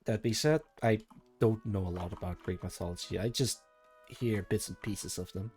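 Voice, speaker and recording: Man, low voice, casual stream chat, rambling, thinking aloud, faint background music. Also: normal speed, a little mellow.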